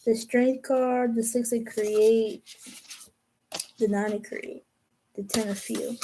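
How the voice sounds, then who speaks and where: A young woman with a mellow, fairly high voice gives a casual tarot reading. She talks slowly and thoughtfully, trailing off mid-sentence and starting over as she works through the cards. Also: steady tone, slight background noise, rough recording. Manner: slow, musing, trails off and restarts. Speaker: tarot reader.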